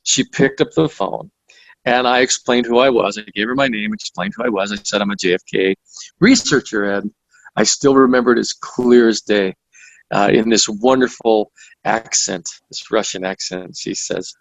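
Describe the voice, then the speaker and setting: A man's voice: lowish voice, moderate pace, no echo, highs cut off. A man, the guest author, recounting stories in conversational interview style, with frequent restarts and fillers. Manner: storytelling with many restarts and fillers.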